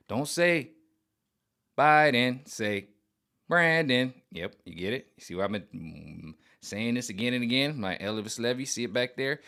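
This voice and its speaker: A man rambling to camera in an animated, slangy vlog monologue. He repeats himself, restarts sentences and trails off. His voice sits at an ordinary middle pitch for a man. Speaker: vlogger.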